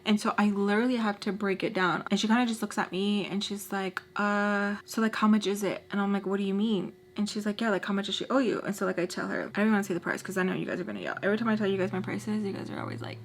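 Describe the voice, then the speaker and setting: Woman, 30s, vlogger, chatty storytime voice, mid pitch, talks to the camera at home. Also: quick pace. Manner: chatty, animated, heavy use of "like". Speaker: beauty vlogger. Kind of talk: storytime while doing makeup.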